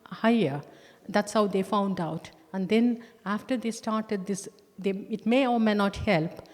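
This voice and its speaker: A woman giving a personal testimony in church, talking earnestly and haltingly, with many restarts and with slow stress on key words. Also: mid-range voice, darkish tone. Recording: long church-hall reverb.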